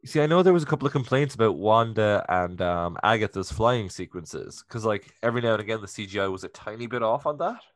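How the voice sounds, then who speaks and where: A man co-hosting a podcast, chatting casually and excitedly about a TV episode, joking a lot and saying "like" often. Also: lowish voice, quick pace, hardly any pauses, no echo, studio quality. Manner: excitable and jokey, with many "like" fillers. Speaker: podcast co-host. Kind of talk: casual chat reviewing a TV episode.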